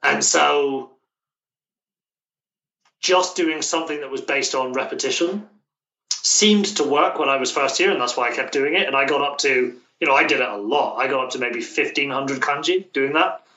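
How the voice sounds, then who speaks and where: Interview guest: British male language coach. Thoughtful and self-correcting. Bright tone, recorded off-mic in an echoey room. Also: mid-range voice, normal speed, far from the mic, dull audio. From Britain. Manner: thoughtful, many restarts and hedges. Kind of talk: casual interview conversation.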